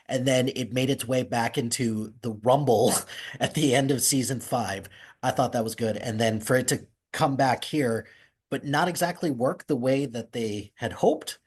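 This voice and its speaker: Husky-voiced man hosting a podcast. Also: medium pitch, moderate pace. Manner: relaxed, rambling, many restarts. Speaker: podcast host. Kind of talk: casual chat. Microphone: remote call over internet.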